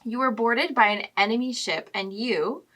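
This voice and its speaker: A young woman co-hosting a casual podcast chat, excitable and quick to laugh. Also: a little high. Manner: excitable and bubbly, laughs and squeals often. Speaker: podcast co-host.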